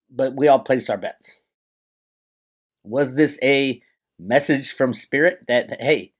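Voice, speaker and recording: A man hosting his own channel, delivering a heated, profane, sarcastic solo rant to his viewers. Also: a little high. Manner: agitated, profane, sarcastic, ranting. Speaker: crypto commentator and channel host.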